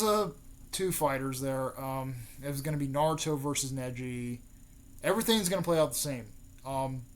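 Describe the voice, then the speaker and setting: A man's voice: medium pitch, slight background noise. A young man casually rambling through fan speculation, swearing often and leaning on fillers. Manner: rambling, profane, many fillers. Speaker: fan video host.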